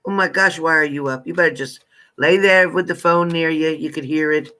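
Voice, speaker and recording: A chatty man hosting a live tarot stream, his voice sitting a little high and sounding bright and forceful. He talks casually to his viewers, greeting each one by name with familiar, friendly terms. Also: steady tone, brisk.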